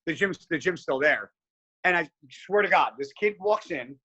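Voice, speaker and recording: A man with a slightly high, husky voice tells a story as a podcast guest. He talks with a forceful, tense edge and swears constantly. His delivery is animated and casual. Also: moderate pace, muffled recording. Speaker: podcast guest, pro bodybuilder.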